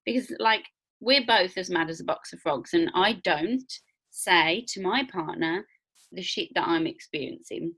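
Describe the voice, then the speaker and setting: A woman's voice: on the low side, a little slow, fairly bright tone, slightly rough. A woman hosting a spiritual podcast, talking in an enthusiastic, chatty and emphatic way. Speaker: podcast host, Reiki and spiritual coach. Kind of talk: casual conversational interview.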